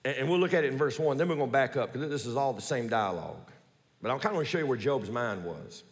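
A man preaching a sermon in a church, animated and folksy, with joking asides to the congregation. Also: medium pitch, fast talker, big-room sound. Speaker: pastor.

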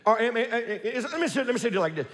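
High, lively-voiced male preacher in echoing church. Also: fast. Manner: animated, folksy preaching with joking asides to the congregation. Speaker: pastor. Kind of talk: sermon.

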